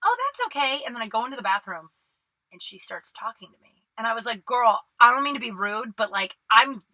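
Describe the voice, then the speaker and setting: A woman's voice: fairly high pitch, brisk, bright, forceful tone, no echo, rough recording. A young woman hosting a solo podcast, telling a rambling, profane, self-mocking story with many fillers, recorded in a small closet. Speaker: podcast host.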